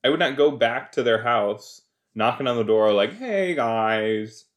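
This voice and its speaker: In casual reaction commentary on a TV episode, a young male podcast host talks at a normal speed in a medium-pitched voice. He's chatty and rambling, full of jokes and silly voices.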